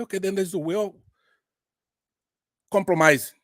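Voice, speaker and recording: A Nigerian man calling into a talk broadcast, speaking with rising passion, starting quietly with hesitations and then breaking into loud, indignant bursts. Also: a little high, moderate pace, no echo. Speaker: caller on a live online talk broadcast. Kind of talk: impassioned political call-in speech.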